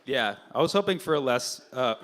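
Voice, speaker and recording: Teasing, profane comedian doing crowd work. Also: male voice, medium pitch, expressive, noisy background. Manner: teasing, profane, quick banter. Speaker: stand-up comedian. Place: comedy club stage.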